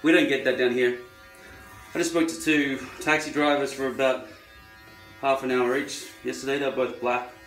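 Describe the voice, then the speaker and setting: A man's voice: medium pitch, steady tone, moderate pace, a bit bright. Australian man, casual vlog, rambling and wry, echoey room, faint music behind. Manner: rambling, wry, musing aloud. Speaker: vlogger. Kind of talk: casual monologue while trimming hair. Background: electric trimmer buzzing.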